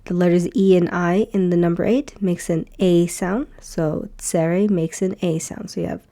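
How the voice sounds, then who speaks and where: Woman, teacher, beginner lesson, patient, repeats sounds, mellow tone. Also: lowish voice, fairly even intonation, moderate pace, few pauses. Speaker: Hebrew teacher.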